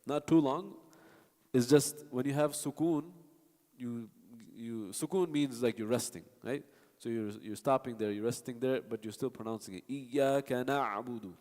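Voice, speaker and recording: Mellow and medium-pitched at a normal speed, the teacher patiently guides a recitation class, illustrating sounds aloud and fielding students' questions. Long hall reverb surrounds his voice.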